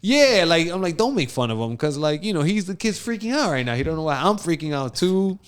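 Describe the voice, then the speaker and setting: Animated man telling a story. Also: on the high side, brisk, noisy background. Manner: animated storyteller, acts out quotes, laughs often. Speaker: podcast co-host. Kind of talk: casual podcast chat.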